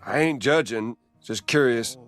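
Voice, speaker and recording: An actor voicing a gruff middle-aged man in a video game, teasing in a dry, laconic drawl. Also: mid-range voice, a little slow, a bit bright, soft background music, lightly acted. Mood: gently curious. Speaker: game character.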